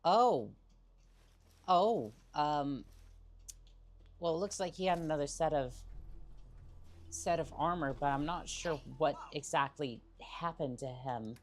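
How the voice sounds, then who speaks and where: Low, unhurried woman streamer; joking gameplay commentary to chat. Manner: jokey, chatting to viewers. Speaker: game streamer.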